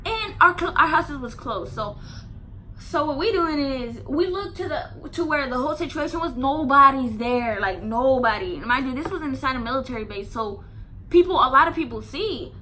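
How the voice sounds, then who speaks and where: High, bright-voiced woman telling a story. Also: normal speed, slight background noise. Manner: animated, emphatic and profane, lots of "like" fillers. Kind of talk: casual storytime.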